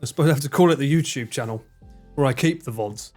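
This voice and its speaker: This Essex-accented man in his forties talks fast in a medium-pitched, slightly mellow voice while livestreaming his gameplay. Over the game music he curses, jokes and laughs often.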